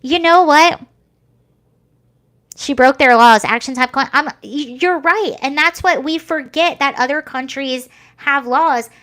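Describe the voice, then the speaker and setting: A woman's voice: sits high, measured pace, few pauses, a bit bright. A young American woman vlogging casual commentary, chatty and rambling with many fillers and restarts. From United States.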